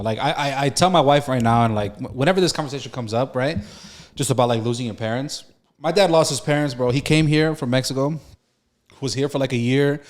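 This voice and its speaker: A young man co-hosting a podcast, talking casually and emotionally, with restarts and slang. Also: medium pitch. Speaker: podcast co-host. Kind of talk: casual chat.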